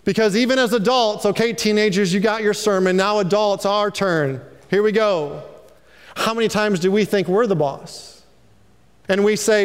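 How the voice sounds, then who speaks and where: Animated male pastor, high voice, preaching in a reverberant sanctuary. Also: moderate pace, clear, resonant tone. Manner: animated, preachy, calls for amens. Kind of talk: sermon.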